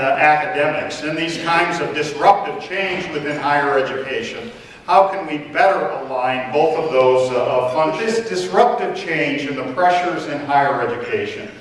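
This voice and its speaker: A man giving formal opening remarks at a conference as a college president, measured and pausing with fillers. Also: medium pitch, a bit bright, slight background noise. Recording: echoey hall, distant mic.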